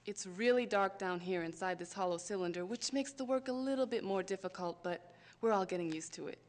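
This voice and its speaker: A woman's voice: medium pitch, fairly quick, darkish tone, natural voice. A woman voicing an upbeat space medical officer. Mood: cheerful. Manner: upbeat, welcoming. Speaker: game character, medical officer. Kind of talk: video game voice acting.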